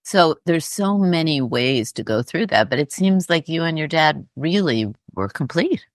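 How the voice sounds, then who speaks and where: Podcast co-host, conversational, reflective, mid-pitched, dry sound. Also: expressive, normal speed, no room sound. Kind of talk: conversational spiritual podcast talk.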